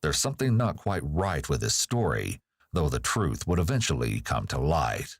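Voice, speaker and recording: A man's voice: rumbling low, very animated, normal speed, no room sound, clean studio sound. A man giving scripted true-crime narration, analytical and critical as he picks apart a confession.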